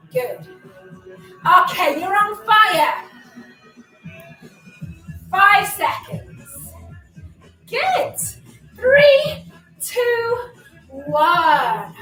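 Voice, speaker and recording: A woman with a high, sharp voice leads a live online workout, tossing out encouraging cues, countdowns and chatty asides while slightly out of breath. She's indoors in a room at home, recorded from a distance with a roomy echo and faint music behind her.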